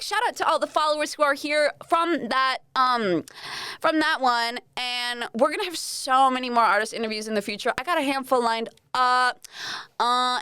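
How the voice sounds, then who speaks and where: On this solo podcast, a young Australian host wanders from topic to topic, self-mocking and swearing as she pleases. Her voice is on the high side, sharp in tone yet smooth, with no room sound.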